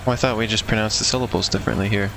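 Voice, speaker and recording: A man's voice: fairly low pitch, fairly even intonation, rapid-fire, vocal fry, background noise. A man co-streaming a game, chatting casually in a mild, easygoing way. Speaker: co-streamer, player. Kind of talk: casual gameplay chat.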